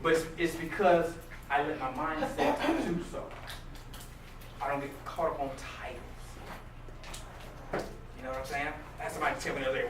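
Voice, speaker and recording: Male motivational speaker, high and lively, far off mic in a roomy, noisy hall. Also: moderate pace, long pauses. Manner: animated, jokey, questions the crowd. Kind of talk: live motivational talk to an audience. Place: hall with a live audience. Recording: distant echoey room recording with noise.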